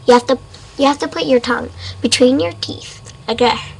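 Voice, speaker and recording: A woman of Mexican background giving a casual webcam vocabulary lesson at her desk, unsure of herself and repeating words slowly. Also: high-pitched, gravelly, husky, low-quality recording. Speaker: amateur language teacher. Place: home room at a desk.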